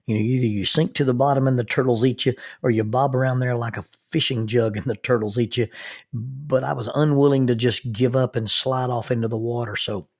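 A minister telling a personal story in an earnest, halting way, often restarting his sentences. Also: mid-range voice, creaky, darkish tone, breathy edge.

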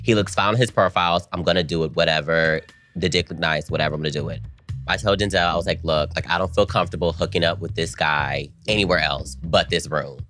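A young man co-hosting a podcast, telling a story in a casual, animated way and acting out the quotes. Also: sits low, quick pace, faint music behind. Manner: animated, dramatic retelling with acted-out quotes and frequent profanity. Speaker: podcast co-host.

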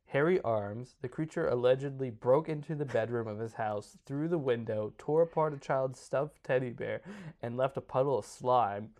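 A man's voice: medium pitch, normal speed, a little mellow. A man hosting a podcast, reading notes in a casual, joking way with small stumbles. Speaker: podcast host.

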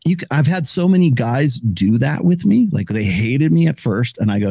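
A man's voice: on the high side, sing-song, fast talker, hardly any pauses, dark tone, no room sound. A man hosting a casual conversation, rambling and acting out what other people said. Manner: rambling, acts out quoted voices.

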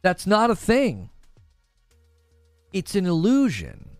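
A man's voice: high voice, slow, clean tone, no room sound, clean studio sound, faint music behind. A man streaming live, answering chat in a sarcastic, incredulous and emphatic way. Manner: animated, emphatic. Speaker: gaming streamer. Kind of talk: live commentary reading chat.

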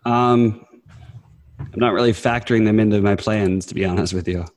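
A man's voice: fairly low pitch, fairly even intonation, moderate pace, a little mellow, a little hiss or hum. A man co-hosting a casual podcast chat, blunt in his opinions and hesitant with ums. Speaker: podcast co-host.

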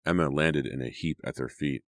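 A man narrating a teen horror audiobook in a steady, dramatic storytelling manner. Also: rumbling low, a little fast, no echo.

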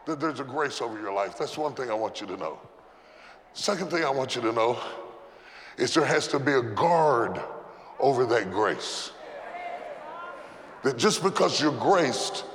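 A man delivering a sermon as a pastor, shouting refrains and calling on the congregation to repeat after him. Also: sits high. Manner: preaching with shouted refrains and call-and-response. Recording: echoey hall with background noise.

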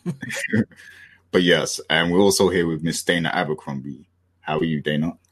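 Very deep-voiced husky British man. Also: moderate pace. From Britain. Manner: relaxed and rambling, many fillers and restarts. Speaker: podcast host. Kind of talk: casual podcast chat.

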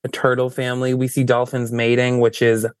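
A man co-hosting a comedy podcast, telling an improvised story and slipping into quick put-on voices, on a close studio mic. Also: medium pitch, completely flat delivery, clean tone, no room sound. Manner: narrates scenes, jumps in and out of put-on voices. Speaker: podcast co-host.

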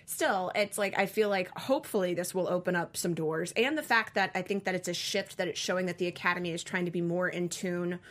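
A woman's voice: on the low side, brisk, hardly any pauses, a bit bright. A woman on a casual panel discussion, sharing earnest opinions while thinking aloud.

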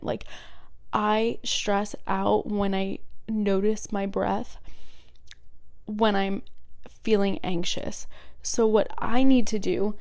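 Young woman, casual solo talk, rambling, self-correcting, fry in the voice. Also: medium pitch, darkish tone, dry recording, clean studio sound. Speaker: meditation podcaster.

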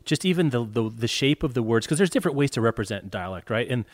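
A man's voice: mid-range voice, big pitch swings, fast talker, no room sound. Man, casual book chat, wry, restarts a lot, dry close sound. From not from the US South. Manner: chatty, wry, many fillers and restarts. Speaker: podcast co-host.

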